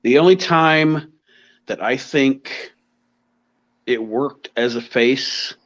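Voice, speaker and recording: A man's voice: mid-range voice, slow, a bit bright, highs cut off. A man in casual podcast chat who hesitates and restarts his sentences.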